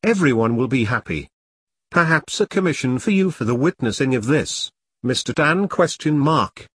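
A man's voice: medium pitch, expressive, moderate pace, a bit bright, slightly rough, dry recording. A man voicing a shrewd, gleeful businesswoman who is eager to strike a deal, reading her lines in a story. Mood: eager bargaining. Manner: eager, bargaining.

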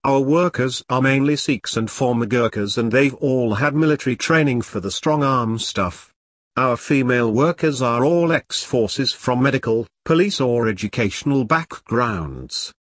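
A man's voice: mid-range voice, animated, a little slow, no room sound, studio quality. A man voicing a fierce, one-armed woman who is an ex-soldier and activist, talking bluntly and defiantly in an audiobook. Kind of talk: audiobook character reading.

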